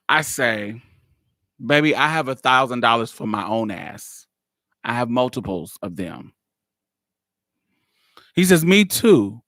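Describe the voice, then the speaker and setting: A woman's voice: extremely low pitch, fairly bright tone, no room sound, clean studio sound. A woman podcast host telling a story in a blunt, exasperated way, laughing often and swearing freely. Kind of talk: casual storytelling monologue.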